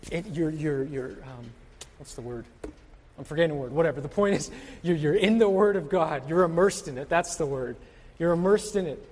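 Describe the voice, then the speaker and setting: A pastor with a high, slightly mellow voice preaches an earnest, exhorting sermon, repeating his key points to the congregation. The recording is in a reverberant hall.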